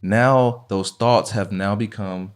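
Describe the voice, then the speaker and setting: A man co-hosting a casual podcast, animated and loose, with casual slang and frequent laughter. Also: on the low side, slow pace, clear, resonant tone. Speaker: podcast co-host.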